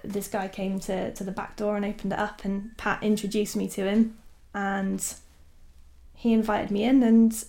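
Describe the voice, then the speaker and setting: A woman's voice: medium pitch, little pitch movement, moderate pace, gravelly, mellow. A woman, a documentary filmmaker, telling a story casually with many fillers and frequent laughs.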